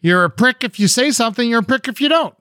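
A young man co-hosting a podcast, chatting casually in a rambling way, swearing often and trailing off quietly. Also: very high-pitched, expressive, quick pace, no room sound, studio quality. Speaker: podcast co-host. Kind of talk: casual chat.

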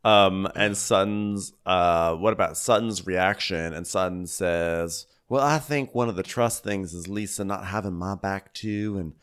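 A man's voice: sits low, a little slow, few pauses, fairly bright tone, smooth. A man co-hosting a casual recap podcast, acting out the people he retells in raised voices. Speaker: podcast co-host.

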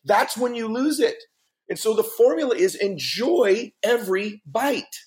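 Middle-aged man, podcast guest, emphatic storyteller with a very lively voice. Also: high-pitched, a little slow. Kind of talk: animated storytelling.

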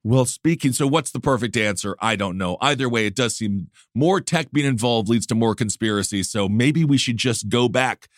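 A man's voice: mid-range voice, normal speed, few pauses, dry recording, clean studio sound. Sarcastic joking podcast host man. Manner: sarcastic, joking, lots of filler words. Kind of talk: comedic political chat.

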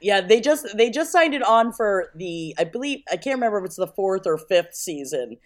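Woman co-host, animated jokey gossip, very expressive pitch. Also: moderate pace. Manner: animated, jokey, swears freely. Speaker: podcast co-host. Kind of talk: casual gossip chat.

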